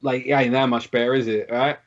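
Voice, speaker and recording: A man, a guitarist guest, chatting casually on a podcast, self-mocking and geeky about gear. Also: medium pitch. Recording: dull lo-fi recording.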